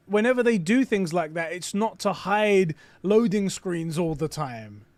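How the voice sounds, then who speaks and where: A man hosting a casual live stream, reading aloud and reacting with excitement and frequent swearing. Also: high-pitched, a little slow, few pauses, no echo.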